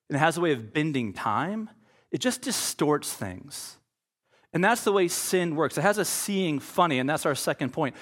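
Slightly high-voiced male pastor preaching. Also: a bit bright. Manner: conversational storytelling, acts out quoted voices. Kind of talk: sermon.

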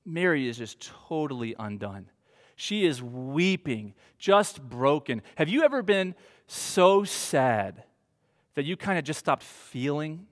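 High-voiced pastor preaching in a reverberant hall. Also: male voice, lively intonation. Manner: earnest, slow preaching with emphatic pauses. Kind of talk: sermon.

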